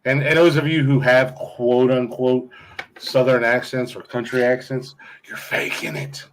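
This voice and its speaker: A man's voice: mid-range voice, little pitch movement, a little slow, low-quality recording. Guy hosting a podcast, ohio, rambly, swears a lot, laughs a bunch. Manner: rambling, crude, laughs often. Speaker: podcast host. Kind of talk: casual chat.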